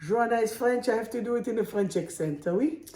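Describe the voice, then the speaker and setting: A woman's voice: a little high, brisk, warm tone, reverberant, slight background noise, close to an everyday voice. A woman putting on a teasing mock-French card reader.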